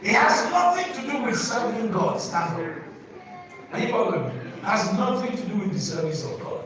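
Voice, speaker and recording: A man, a pastor preaching a sermon, switching between low asides and sudden shouted bursts while he questions the congregation. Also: wildly swooping pitch, moderate pace, crowd noise. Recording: echoey hall from far off with noise.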